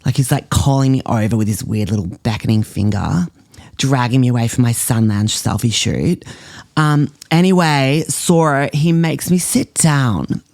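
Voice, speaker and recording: A man's voice: mid-range voice, normal speed, creaky, a little mellow, no room sound, studio quality, close to an everyday voice. A man playing a spoiled, self-obsessed teenage girl influencer with an Australian accent, chattering with whiny valley-girl fillers in a comedy podcast. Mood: bratty. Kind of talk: comedy podcast monologue in character.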